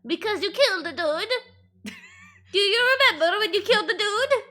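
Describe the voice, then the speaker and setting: A woman's voice: extremely high pitch, expressive, normal speed, sharp tone. A woman chatting casually on a game stream, blunt and joking.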